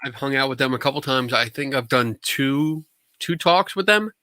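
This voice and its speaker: A man hosting a casual podcast chat with a guest, relaxed and joking with quick asides. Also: mid-range voice, no room sound. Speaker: podcast host.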